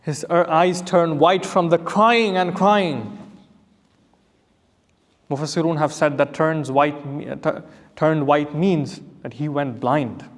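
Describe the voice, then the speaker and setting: A man's voice: a little high, takes it slowly. A man, an imam, giving an earnest Quran commentary lecture, asking rhetorical questions and reciting Arabic verses. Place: mosque hall. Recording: long hall reverb.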